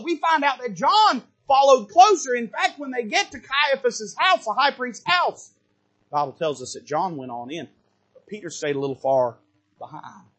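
A man preaching a sermon from a church pulpit, moving between quiet asides and loud, rising bursts of passion. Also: a little high, husky. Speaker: pastor. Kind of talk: fiery sermon.

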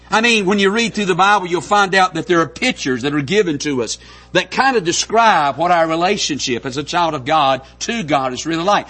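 A man's voice: fairly high pitch, a bit bright, breathy edge. A man preaching a sermon from the pulpit of a church, talking in a folksy, conversational way. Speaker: pastor. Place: church sanctuary.

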